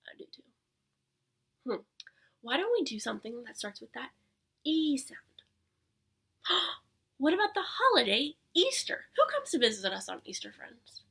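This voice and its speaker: A young woman teaching preschoolers from home, her voice bright and fairly high. She talks in an animated sing-song, gasping with delight and often sinking into a soft whisper. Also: normal speed, creaky, pauses often, breathy edge. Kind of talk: circle time lesson for young children.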